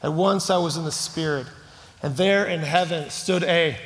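Male pastor, high bright voice, dramatic scripture reading, long hall reverb. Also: normal speed, heavy background noise. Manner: dramatic, leaves words for the congregation to call out.

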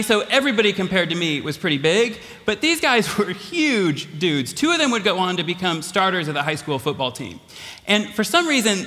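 A man's voice: high voice, pushed and bright. A man giving a storytelling sermon to a large audience, self-deprecating and laughing often as he talks. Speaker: college president giving a talk. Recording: long hall reverb.

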